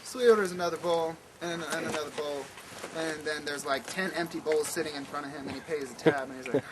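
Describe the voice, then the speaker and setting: A man telling a comic story at a campfire, animated with many stammering restarts. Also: a little high, fast, crowd noise. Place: outdoor campfire at night. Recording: noisy outdoor camp recording.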